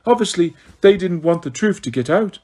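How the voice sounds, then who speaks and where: Guy voicing a spacey teen witch girl, husky and high, super matter-of-fact. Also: lively intonation, normal speed, dark tone. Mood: dreamy. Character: dreamy odd teenage witch girl.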